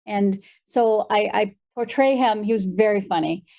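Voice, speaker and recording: American woman guest on a podcast, gravelly voice, chatty, lots of ums. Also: mid-range voice, measured pace. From United States. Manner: animated storyteller, frequent fillers. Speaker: guest, performer. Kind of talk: conversational interview.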